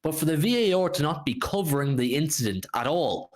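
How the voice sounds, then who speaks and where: An Irishman hosting a livestream football chat, animated and swearing freely. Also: a little high, a little fast. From Ireland. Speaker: podcast host.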